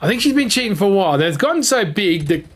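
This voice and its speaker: Guy ranting casually about gaming, kinda high voice, blunt, rambly, swears a bit. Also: big pitch swings, very fast. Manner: rambling, opinionated storytelling; blunt, drops the odd swear. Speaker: gaming content creator.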